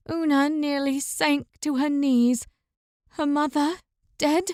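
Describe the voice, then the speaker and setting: High-voiced woman narrating a fantasy audiobook. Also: steady tone, slow pace, darkish tone, no echo. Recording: dry, close recording.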